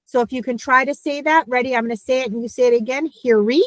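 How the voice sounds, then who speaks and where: A woman teaching a beginner class, explaining sounds in a lively, playful way with sudden squeaks. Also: racing, no room sound, low-quality recording. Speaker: Hebrew teacher. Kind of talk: online lesson.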